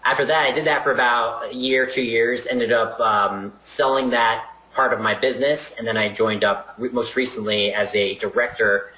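Man from New Jersey, casual career intro, bright tense voice, echoey room. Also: medium pitch, steady tone, moderate pace, few pauses. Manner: loose, chatty, with fillers. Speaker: alumnus introducing himself.

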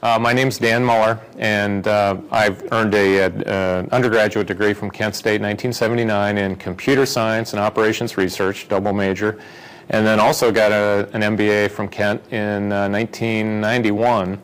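A man who is a company executive, introducing himself in a halting way. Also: lowish voice, little pitch movement, clear, resonant tone, rough recording. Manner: halting, restarts often. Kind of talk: casual self-introduction.

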